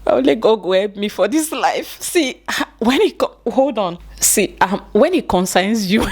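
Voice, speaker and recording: A woman's voice: mid-range voice, expressive, normal speed, hardly any pauses. A Nigerian woman vlogging her reaction, tearful and laughing through her tears, apologizing to viewers. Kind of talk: casual reaction vlog.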